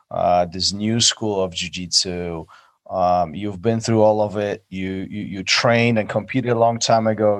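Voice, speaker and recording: A man's voice: lowish voice, no echo, clean studio sound. A man hosting a podcast interview, chatty and teasing, asking long rambling questions. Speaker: podcast host. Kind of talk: casual interview.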